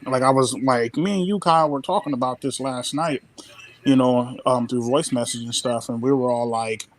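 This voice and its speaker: A man's voice: mid-range voice, steady tone, normal speed. A man from the United States talking on a live stream from someone else's home, swearing heavily and using loose slang. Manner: profane and slangy, heavy swearing, calls people "dude" and "dog". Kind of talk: casual chat on a live stream.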